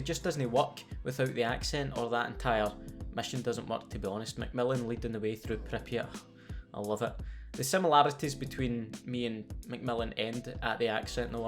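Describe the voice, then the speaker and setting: Sweary sardonic Scottish man. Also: medium pitch. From Scotland. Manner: sardonic and sweary, playful storytelling. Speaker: gaming YouTuber. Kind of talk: scripted comedic commentary.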